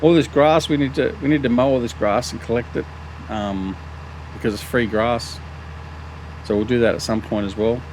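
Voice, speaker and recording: A middle-aged gaming channel host with an Australian accent and a fairly low voice gives casual commentary on a farming game. He rambles, restarts a lot, uses many ums and teases himself, with slight background noise present.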